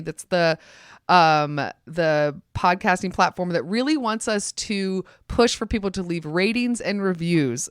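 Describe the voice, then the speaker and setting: A woman's voice: lowish voice, fairly bright tone, smooth, no echo, studio quality. A woman co-hosting a chatty podcast, upbeat and giggly as she quizzes her co-host. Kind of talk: casual podcast chat.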